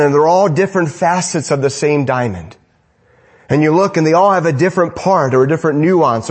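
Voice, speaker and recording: A man preaching an evening sermon, rising to emphatic lines and dropping to hushed, low endings, repeating phrases for emphasis.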